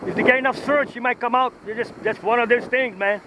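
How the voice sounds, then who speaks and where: A man fishing from the shore, whooping and calling out excitedly as he fights a big fish, with surf and wind behind him. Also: very high voice, fast talker. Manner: whooping, shouting with excitement, local slang. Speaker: fisherman. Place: outdoors on the shore by the ocean. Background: waves and wind.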